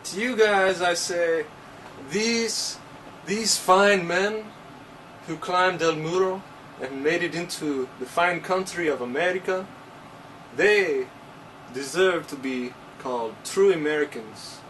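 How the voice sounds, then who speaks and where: A man talking to camera in a casual vlog, joking and animated, his voice jumping up in pitch for emphasis. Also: measured pace. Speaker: vlogger. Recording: distant mic with faint ambient noise.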